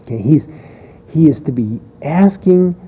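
A man's voice: on the high side, lively intonation, unhurried, dark tone, slightly rough, highs cut off. A man preaching a sermon in a conversational way, with frequent fillers and restarts.

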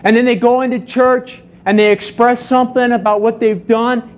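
A middle-aged man preaching a sermon to a congregation, telling stories in a lively way and acting out the voices in them. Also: high-pitched, moderate pace, hardly any pauses, slight background noise. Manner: animated storytelling, acts out voices. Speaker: pastor.

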